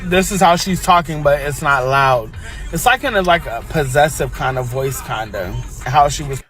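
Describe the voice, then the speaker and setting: A man's voice: on the high side, animated, normal speed, music in the background. A man recounting a frightening workplace story in a hesitant, casual story-time way, full of fillers. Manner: hesitant, filler-heavy retelling.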